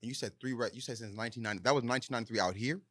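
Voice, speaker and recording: Host: man, quick casual questions, lowish voice, dry close mic. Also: fairly bright tone, no room sound. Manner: curious, asks follow-up questions, casual slang. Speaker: podcast host. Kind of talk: casual interview chat.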